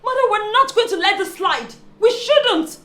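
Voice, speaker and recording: An actress with a Nigerian accent playing an impatient, entitled young royal who speaks in agitated exclamations. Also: female voice, extremely high pitch, lively intonation, normal speed, sharp tone, heavily acted. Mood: indignant. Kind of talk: film acting.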